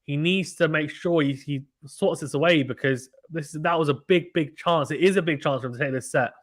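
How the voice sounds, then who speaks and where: Man, live tennis play-by-play, animated, slightly high voice, home stream. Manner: fast, animated play-by-play, reads chat aloud. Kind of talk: excited casual live commentary.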